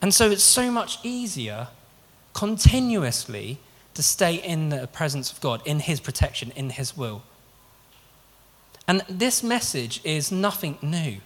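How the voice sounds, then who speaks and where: A man's voice: a little high, big pitch swings, a little slow. A man preaching a sermon in an earnest, conversational way, often restarting his sentences. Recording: long reverb of a large hall.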